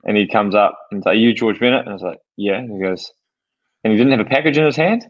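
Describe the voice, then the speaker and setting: Wry man, low voice, dull audio. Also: expressive, fast. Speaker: podcast co-host. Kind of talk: casual chat.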